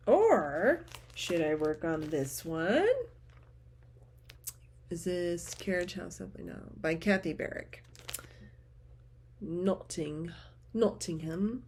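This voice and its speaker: Woman, low-pitched voice, casual vlog chat, gushing, trailing murmurs, faint hiss. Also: lively intonation, measured pace, darkish tone. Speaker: teacher and cross-stitch vlogger. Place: at home.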